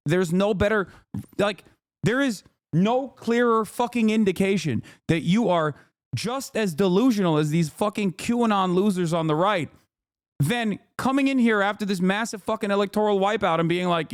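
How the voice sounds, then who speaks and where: A man's voice: sits high, normal speed, no echo, studio quality. A man in his thirties streaming, ranting furiously and profanely at his chat. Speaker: political streamer. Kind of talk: angry rant at chat.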